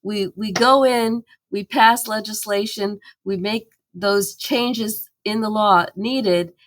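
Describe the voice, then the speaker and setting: A woman's voice: mid-range voice, steady tone, takes it slowly. A woman campaigner, a guest in a podcast interview, telling her story earnestly and with animation, with fillers and restarts.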